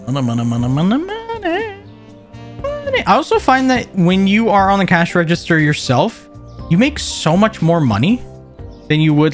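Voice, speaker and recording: A man streaming a video game, chatting in a playful, joking way and jumping into excited exclamations. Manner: playful, jokey, bursts into excited high exclamations. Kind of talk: casual gameplay commentary.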